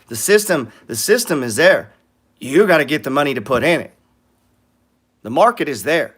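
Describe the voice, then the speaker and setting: A man's voice: medium pitch, fairly bright tone. A man hosting a trading show, talking bluntly with frequent swearing and acting out what other people say. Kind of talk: profane ranting talk on trading.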